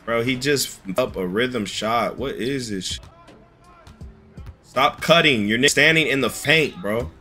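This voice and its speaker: A man's voice: mid-range voice, lively intonation, a little slow, bright, forceful tone, soft background music. A man streaming a basketball video game, bluntly scolding his teammates over voice chat.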